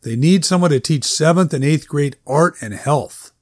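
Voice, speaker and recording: A man's voice: fairly high pitch, moderate pace, a little mellow, natural voice. A man reading a fretful schoolteacher woman. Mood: earnest, fretful. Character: anxious middle-aged woman, a worried schoolteacher.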